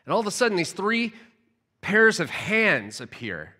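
A man preaching a sermon, telling a story with animated storytelling and frequent word repeats. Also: high-pitched, unhurried. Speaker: pastor.

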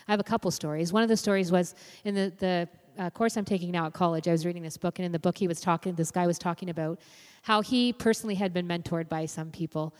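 A woman's voice: fairly low pitch, darkish tone. A young adult woman giving an informal sermon as a youth and children's minister, talking conversationally with lots of "you know" fillers. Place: church sanctuary. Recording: long reverb of a church hall.

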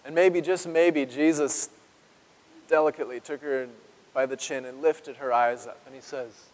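A man's voice: mid-range voice, fairly even intonation. Earnest preacher, man, in a reverberant hall. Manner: dramatic pauses, dropping to a hush on key words; earnest and emotional. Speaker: pastor. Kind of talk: sermon. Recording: long reverb of a large hall.

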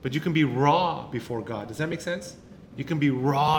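Conversational male pastor, slightly high voice. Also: moderate pace, a little hiss or hum. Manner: conversational, repeats words, many tag questions. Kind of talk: informal sermon.

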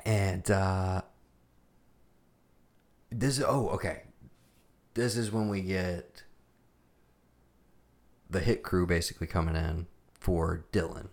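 A man co-hosting a podcast, chatting casually about an old action movie, animated and profane, acting out lines from the film. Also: low voice, takes it slowly, long pauses. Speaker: podcast co-host. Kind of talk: casual movie review chat.

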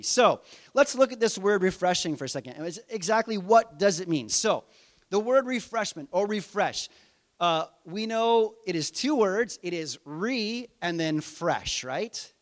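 A middle-aged man preaching a conversational sermon, asking his listeners rhetorical questions. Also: sits high. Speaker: pastor.

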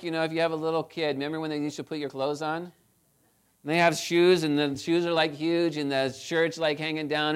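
A man preaching a children's sermon, retelling a story in a chatty, animated way and asking his listeners questions. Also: a little high, clean tone.

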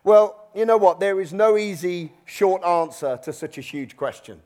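A man preaching in a church, his voice sitting high for a man. He keeps the sermon conversational and chatty, now and then slipping into the voices of the people he describes. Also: normal speed, darkish tone. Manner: conversational, acts out worried believers' voices.

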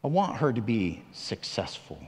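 Speaking from the pulpit of a large, reverberant sanctuary, a pastor preaches with earnest conversational warmth, tossing in self-deprecating remarks and forceful questions to his listeners. He has a lowish, husky, darkish voice and is very animated at a moderate pace.

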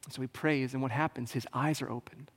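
A man's voice: mid-range voice, steady tone, quick pace, husky. A male pastor preaching a sermon in a casual, joking, conversational way. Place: church sanctuary. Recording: long hall reverb.

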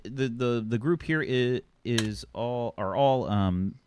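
A man hosting a sci-fi role-play show, introducing it in a rambling, halting way with many fillers. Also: medium pitch, a little mellow, slight background noise. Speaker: host and game master.

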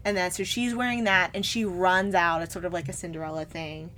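A woman's voice: on the low side, fairly quick, a little hiss or hum. Chatty woman retelling a movie. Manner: animated retelling, acts out quotes with laughter. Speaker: podcast co-host recapping a film. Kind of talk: casual chat.

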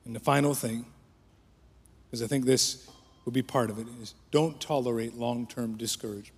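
A pastor preaching a sermon with passion, his voice rising for prayers and dropping low for quiet points. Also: steady tone, normal speed, creaky, husky. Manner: impassioned preaching that swells then drops to a hush. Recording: long hall reverb.

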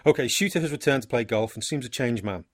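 Podcast co-host, man, steady narrator, dry booth sound. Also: medium pitch, fast talker, no echo. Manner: steady storytelling, dry laughs, short agreeing replies. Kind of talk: casual chat, narrating a made-up story ending.

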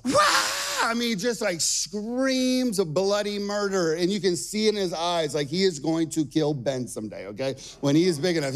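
A young adult male pastor preaching a sermon from a church stage. He tells family stories in an animated way and keeps checking in with "okay?". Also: on the high side. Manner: animated storytelling with frequent "okay?" asides.

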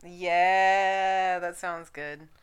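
A woman co-hosting a casual podcast chat, giggly and laughing often, audibly high. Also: fairly even intonation, drawn-out words, clean tone. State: high on cannabis. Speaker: podcast co-host.

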